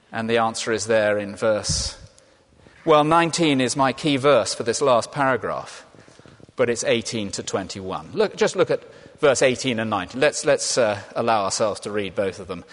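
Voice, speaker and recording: A man's voice: medium pitch, fairly bright tone. A man preaching a sermon in a conversational way, asking and answering his own questions. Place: church. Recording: long reverb of a large hall.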